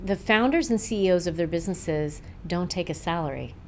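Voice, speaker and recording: Lower-pitched woman podcast host. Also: fairly quick, a little hiss or hum. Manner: encouraging, affirming, talks in reflective phrases. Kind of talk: interview conversation.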